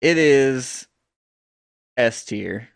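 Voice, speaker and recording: A man with an average-pitched voice chats easily on a podcast about studio microphones. His talk is loose and relaxed, full of fillers as he weighs his opinions. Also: very slow, vocal fry, smooth. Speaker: podcast co-host. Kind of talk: casual podcast chat on microphones.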